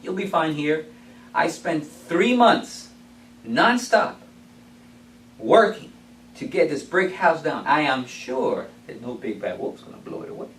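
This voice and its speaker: A man plays a sensible male pig with a calm, unhurried way of talking. He reassures and refuses firmly. The sound carries from far off in an echoing room. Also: fairly high pitch, a little hiss or hum. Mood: reassuring.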